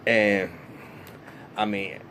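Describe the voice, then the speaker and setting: A man, recapping a TV episode in a casual, animated, profane way full of fillers and restarts. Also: on the low side, very slow, slight background noise. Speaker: TV recap vlogger.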